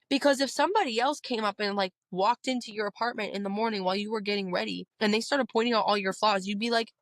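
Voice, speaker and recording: A woman's voice: medium pitch, fast, few pauses, fairly bright tone, dry recording. A young woman hosting a self-help podcast, talking straight to the listener in an earnest, coaching way. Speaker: podcast host. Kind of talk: motivational self-help talk.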